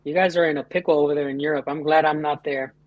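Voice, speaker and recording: A man's voice: on the high side, steady tone, fast talker, highs cut off. A man chatting casually on a panel, telling stories in a profane, laughing way. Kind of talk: casual chat on a call-in panel.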